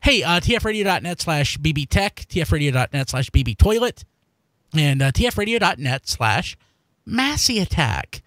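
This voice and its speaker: Animated, rambling man co-hosting a podcast. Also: fairly high pitch, normal speed, no echo. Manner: animated, rambling, promotes links. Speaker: podcast co-host. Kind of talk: casual chat on a live stream.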